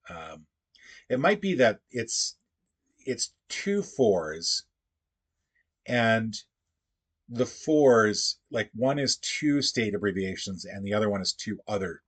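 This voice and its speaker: Casting: low, husky male stream host, halting, musing, talks to chat. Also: animated. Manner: thinks aloud, halting and musing. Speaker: livestream puzzle host. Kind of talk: casual livestream chat.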